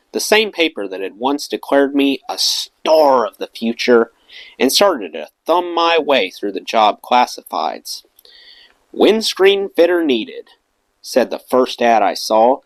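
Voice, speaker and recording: A man's voice: mid-range voice, dry recording. A man reading a memoir aloud for an audiobook channel, telling it expressively. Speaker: audiobook reader.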